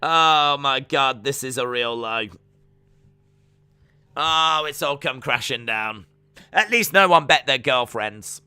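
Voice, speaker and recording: A young man hosting a live watch-along, commentating on fights and reading chat messages aloud, getting loud and excitable. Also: a little high, a little slow, clean tone. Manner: excitable, shouting at big moments, reads chat aloud. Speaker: live stream host reacting to fights.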